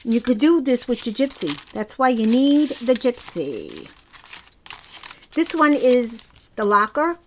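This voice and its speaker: A woman's voice: a little high, sing-song, slow, a little hiss or hum. Chatty Brooklyn woman showing off crafts. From Brooklyn, New York. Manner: chatty, enthusiastic, rambling with restarts. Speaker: crafting channel host. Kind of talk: casual crafting show-and-tell.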